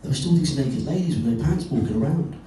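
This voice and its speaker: A man's voice: mid-range voice, lively intonation, quick pace, warm tone, a little hiss or hum. A man performing stand-up comedy in a club, telling stories in a wry, self-deprecating way and chatting with the crowd. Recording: echoey club, far from mic, crowd.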